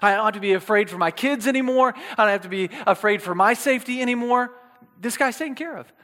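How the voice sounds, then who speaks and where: A man's voice: sits high, quick pace, fairly bright tone. A man preaching a casual, chatty sermon, often checking in with the listeners and restarting his words, with playful asides. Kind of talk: conversational sermon. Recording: long reverb of a hall.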